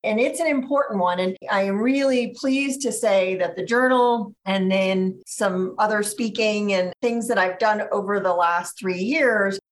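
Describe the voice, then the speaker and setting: A woman guest on a podcast interview, speaking in a measured, reflective way. She often slows down to weigh her words, with an even, mid-pitched voice. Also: slight background noise. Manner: measured, thoughtful, speaks slowly at times.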